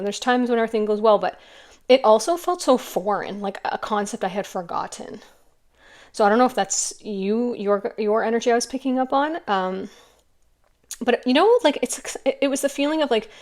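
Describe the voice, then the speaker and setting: A woman giving a casual intuitive card reading to camera, chatty and rambling with many restarts. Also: medium pitch. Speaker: tarot card reader.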